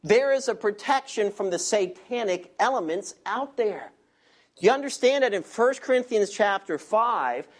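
A woman preaching a sermon, reading scripture slowly and adding wry asides to the congregation. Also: medium pitch.

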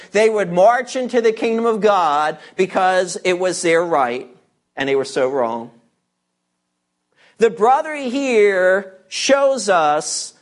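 An emphatic preacher delivering a verse-by-verse sermon. The voice sits at a middling pitch, neither high nor low. Key words are repeated and drawn out slowly for weight. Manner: guides listeners through scripture verses. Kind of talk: expository sermon.

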